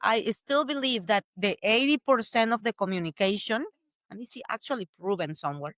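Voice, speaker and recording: A woman's voice: mid-range voice, fairly quick, dry recording, studio quality. A middle-aged woman with a Spanish accent, a guest in an interview, telling stories with frequent restarts. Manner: animated storytelling with frequent restarts and laughs. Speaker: guest, entrepreneur. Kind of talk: casual interview conversation.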